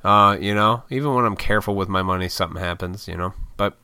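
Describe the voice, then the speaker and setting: American guy ranting on his podcast, bright crisp voice, dry sound, swears a lot. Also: on the low side, quick pace, few pauses, no echo. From United States. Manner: profane, rambling, frequent laughs. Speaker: podcast host. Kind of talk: casual solo podcast rant.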